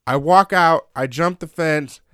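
A man telling a long story in casual chat, animated and swearing constantly. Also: fairly high pitch, a little slow, smooth, no echo, studio quality.

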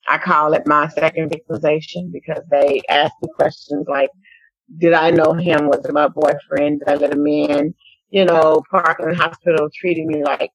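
A woman from Dallas, Texas, giving personal testimony as a podcast guest, speaking earnestly in a halting way with repeated phrases. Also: low-pitched, a bit bright, slightly rough, no echo, rough recording. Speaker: podcast guest, survivor advocate.

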